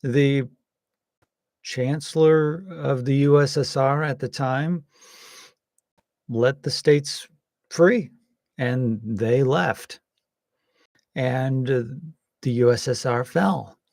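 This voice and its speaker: A man giving casual, rambling political commentary, hesitant with many pauses and some wry jokes. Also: medium pitch, creaky, a little mellow, no echo, studio quality. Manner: wry and joking.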